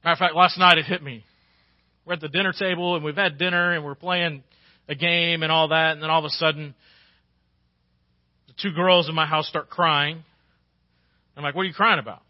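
A man's voice: fairly high pitch, fairly even intonation, moderate pace, pauses often, no echo, muffled recording. A man preaching a sermon as pastor, folksy and conversational, rising to emphatic peaks.

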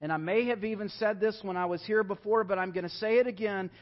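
A young man with a notably high voice delivers a church sermon, earnest and pleading, dropping to quiet intimacy at times. The recording sounds dull and lo-fi, like a plain church capture. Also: fairly even intonation, quick pace. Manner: earnest, rising to emphatic pleading then dropping soft. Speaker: pastor. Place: church sanctuary.

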